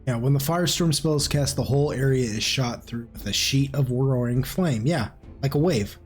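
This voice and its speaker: A man's voice: medium pitch, normal speed, soft background music. Rambling, laughing man as game master. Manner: animated, rambling storyteller who laughs often. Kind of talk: running a tabletop game over voice chat.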